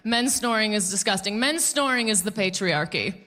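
A woman in her thirties doing a stand-up comedy set on a club stage, animated and laughing at her own jokes as she talks to the crowd. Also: on the high side, a little fast.

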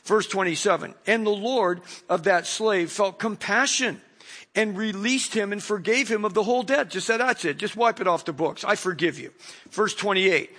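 A man's voice: sits high, normal speed. A middle-aged man preaching a sermon, reading a Bible passage and commenting on it as he goes. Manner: animated storyteller, acts out voices.

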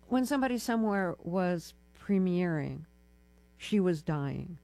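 Older female interviewer, warm low-key tone, asks careful probing questions in a studio. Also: expressive, a little slow, vocal fry, no room sound. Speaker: radio interview host.

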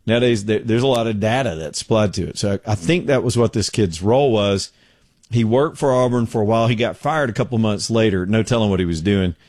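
A man's voice: fairly low pitch, fast, darkish tone, no echo. A middle-aged man hosting a talk show from his home studio, telling stories in a folksy, joking way. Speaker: radio show host. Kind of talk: casual talk show chat.

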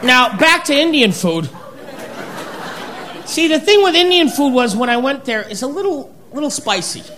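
A man doing a stand-up comedy routine, telling an animated story to a live audience. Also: very high voice, normal speed, a faint crowd, slight background noise.

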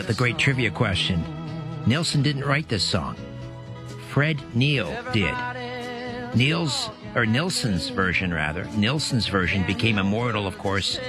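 A man guest-hosting a late-night radio talk show, chatty, often correcting himself mid-sentence. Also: lowish voice. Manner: chatty, restarts and self-corrections. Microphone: studio microphone.

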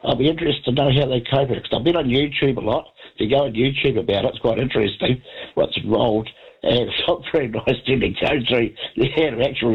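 A man's voice: mid-range voice, husky. A man, a congested voice and a rambling, chatty manner, calling in to a radio show. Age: 70s. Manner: chatty, meandering, many restarts. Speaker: radio caller. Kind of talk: rambling casual phone chat. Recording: dull lo-fi radio phone line.

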